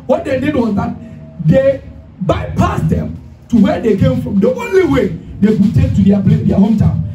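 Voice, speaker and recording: Very high-voiced preacher in echoey hall. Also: male voice, big pitch swings, moderate pace, warm tone, dull audio. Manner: preaching emphatically, calling for responses. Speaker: pastor. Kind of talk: sermon. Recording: echoey hall, distant mic, music behind.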